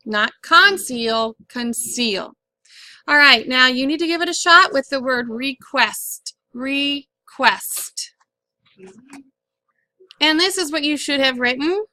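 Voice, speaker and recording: Bright-voiced woman teaching a phonics lesson. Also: high-pitched, moderate pace, few pauses, dry recording. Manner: clear, patient, step-by-step instructing.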